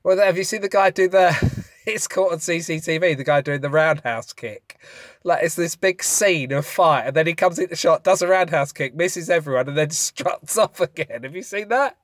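A man's voice: fairly high pitch, moderate pace, dry recording, clean studio sound. A married man co-hosting a podcast, chatty and joking, asking questions in a casual chat. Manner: chatty, asks questions and jokes. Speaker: podcast co-host.

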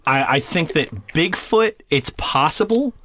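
A man in his thirties, a podcast guest, telling a story in casual chat, animated and swearing freely. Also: fairly high pitch, unhurried.

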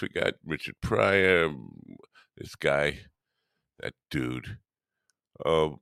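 Very deep-voiced drowsy male stream host. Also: creaky, a bit bright, no echo, studio quality. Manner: rambling, self-deprecating, talks to chat viewers. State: drowsy, half awake. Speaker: host of a morning live stream. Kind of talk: casual live-stream chat.

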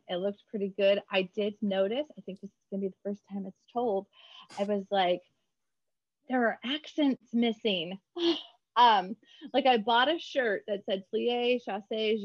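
A woman children's book author chatting in an interview, bubbly and quick to laugh. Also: mid-range voice, no room sound, muffled recording. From United States. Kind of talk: casual interview chat.

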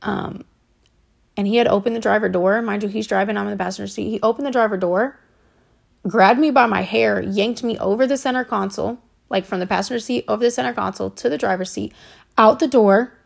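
A woman recounts her own life on her podcast in a loose, unscripted monologue. Her voice carries a steady gravelly fry, and her talk is halting, packed with fillers and blunt swearing, pitched around the middle for a woman. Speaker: podcast host. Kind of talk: personal storytelling monologue.

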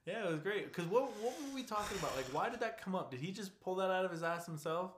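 A young man chatting casually with a friend, telling stories with lively quoted voices. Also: fast talker, echoey room, background noise. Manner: animated storyteller, jumps to loud high impressions. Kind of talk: casual chat among friends.

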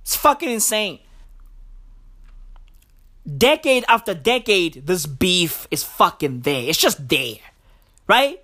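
A man ranting about the news in a profane, excitable comedic vlog, packed with slang. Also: high voice, slow, long pauses. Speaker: vlogger.

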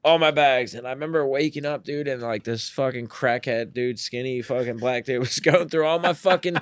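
A man's voice: mid-range voice, normal speed, no echo. A young man telling stories from his own life in a casual podcast interview, laughing a lot, swearing freely and saying "bro" and "dude" constantly. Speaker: podcast guest. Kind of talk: casual storytelling.

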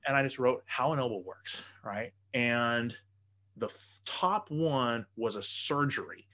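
A man telling stories in a casual chat, profane and animated, often acting out the people in his stories. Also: medium pitch, measured pace.

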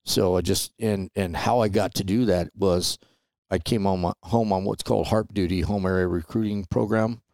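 A middle-aged guest from Los Angeles tells stories in a relaxed, chatty interview, sprinkling in "man" and "you know." His low, gravelly voice moves at normal speed, recorded dry and close with no room sound.

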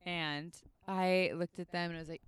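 A woman co-hosting a podcast in casual chat, animated and laughing often. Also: lowish voice, moderate pace, clean tone, no room sound. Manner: giggly, animated, rambling. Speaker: podcast co-host.

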